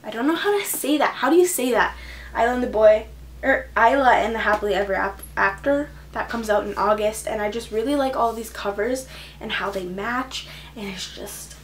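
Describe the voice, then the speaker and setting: A woman's voice: on the high side, normal speed, slight background noise. A teenage girl chatting to camera about books she plans to read, bubbly and gushing. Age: teens. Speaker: book vlogger. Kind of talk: casual chat to camera.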